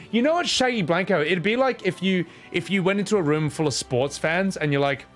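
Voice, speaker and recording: A young man live-streaming a game, chatting casually with viewers in rambling, swearing rants. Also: a little high.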